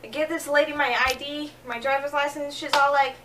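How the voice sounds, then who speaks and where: A young woman telling comic travel stories in a vlog, acting out scenes, a little jet-lagged and low on energy. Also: brisk, recorded from a distance, noisy background. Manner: animated, acting out scenes with quoted voices. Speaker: vlogger. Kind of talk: comedic storytelling vlog.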